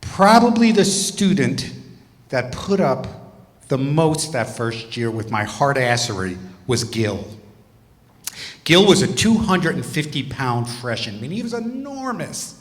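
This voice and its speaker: A former teacher telling a confessional story to a live audience on a theater stage, in an animated, candid way. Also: male voice, mid-range voice, a little slow. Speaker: former teacher and religious brother. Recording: long hall reverb from a stage.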